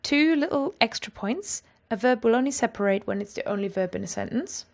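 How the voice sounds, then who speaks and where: A woman explaining grammar in a clear, patient lesson. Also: fairly high pitch, animated, fairly quick. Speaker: language teacher.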